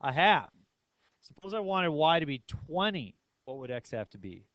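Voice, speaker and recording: A man teaching a math lesson with a slightly high voice, recorded close and dry. He keeps quizzing his listeners and makes little jokes as he goes along. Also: big pitch swings, normal speed, dry recording, dull audio. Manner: playful, asks the class many questions. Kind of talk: classroom lecture.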